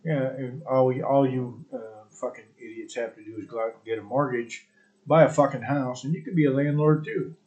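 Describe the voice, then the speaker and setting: A man's voice: mid-range voice, fairly even intonation, moderate pace, darkish tone, lo-fi sound. Crude rambling male podcast host. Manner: crude, profane, rambling and sarcastic. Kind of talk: solo live stream chat.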